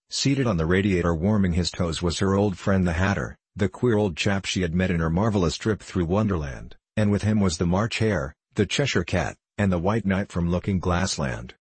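A man with a husky voice reading a storybook as an audiobook narration in a measured way. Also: sits low, dry recording.

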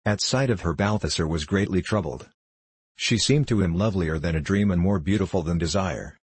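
A man reading an old tale aloud at a measured, even pace. His voice is very deep with a husky edge, and the recording is dry and close. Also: no echo. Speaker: narrator. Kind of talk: audiobook narration.

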